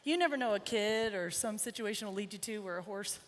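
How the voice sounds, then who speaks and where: A woman's voice: mid-range voice, a little fast. Woman horse trainer on a wire mic, breathing hard, chatting to the colt and crowd, long arena echo. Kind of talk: live clinic demonstration while riding. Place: indoor arena at a horse expo. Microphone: wireless body mic.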